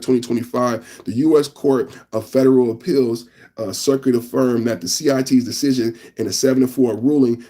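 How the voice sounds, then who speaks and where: Male podcast host, live stream, rambly, keeps addressing the chat, breathy edge to the voice. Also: medium pitch, mellow. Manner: repeats phrases and stacks filler "man". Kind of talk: live news reaction stream.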